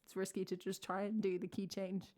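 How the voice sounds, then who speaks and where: A woman's voice: mid-range voice, little pitch movement, fairly quick, warm tone. A woman from England with an English accent, a singer-songwriter chatting casually between songs on a live stream, rambling and cutting herself off with lots of likes. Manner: rambling, self-interrupting, chatty with many likes.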